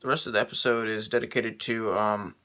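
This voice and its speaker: A man giving an unscripted video review, halting and full of ums and restarts. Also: on the low side, level tone, sharp tone, smooth.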